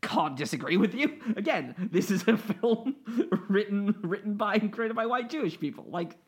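A woman's voice: mid-range voice, expressive, normal speed, breathy edge. A woman co-hosting a podcast, talking emphatically in casual chat, laughing often and swearing. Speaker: podcast co-host.

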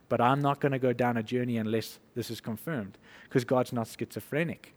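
A man preaching an informal sermon, conversational and animated, acting out little quotes and laughing as he goes. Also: medium pitch, fairly quick, hardly any pauses, big-room sound.

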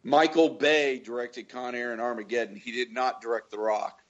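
A man from Florida trades movie stories in a relaxed podcast chat, peppering them with swearing and loud acted-out quotes. His voice sits at a medium pitch, and the recording sounds a little dull and lo-fi. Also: normal speed. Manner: swearing storyteller, acts out quotes loudly. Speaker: podcast co-host. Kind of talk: casual chat.

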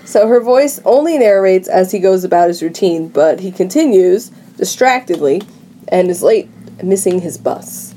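Mellow-voiced woman recapping a film. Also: medium pitch, lively intonation, moderate pace, slight background noise. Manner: chatty storyteller who laughs between lines. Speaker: podcast co-host. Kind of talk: casual chat, recapping a film plot.

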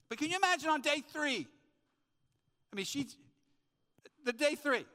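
A high-pitched man pastor delivers an emphatic sermon full of stories and rhetorical questions. His voice is bright and sharp, and a long reverb hangs in the large church hall around him. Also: lively intonation, normal speed, long pauses. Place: church sanctuary.

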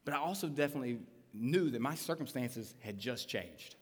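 A man's voice: medium pitch, fairly quick, breathy edge. A man in his thirties, a pastor telling a story in a live sermon and acting out the voices of the people in it. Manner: animated, acts out quoted lines. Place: church auditorium. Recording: long reverb of a live church hall.

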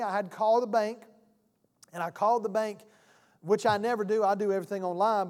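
A man preaching a sermon, a pastor telling a folksy story and acting out both sides of a phone call. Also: high voice. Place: church sanctuary. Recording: church hall reverb.

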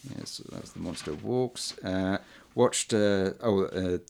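Podcast host, male, very low voice, hesitant casual delivery with lots of fillers. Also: gravelly, a little mellow, clear, resonant tone. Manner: halting, many ums and uhs, chuckles often. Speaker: podcast host reviewing old films. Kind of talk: casual chat.

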